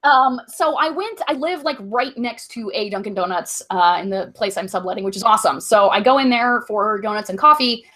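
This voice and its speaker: Rambling bright-voiced woman podcaster. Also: mid-range voice, lively intonation, fairly quick, hardly any pauses. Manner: rambling, full of likes and ums. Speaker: comedy podcast co-host. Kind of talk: casual storytelling chat.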